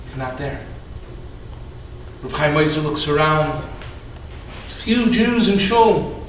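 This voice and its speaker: A man rabbi telling a story in a sermon, acting out the characters and moving from shouts to hushed tones. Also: a little high, lively intonation, slow, a little hiss or hum. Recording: echoey hall, from a distance.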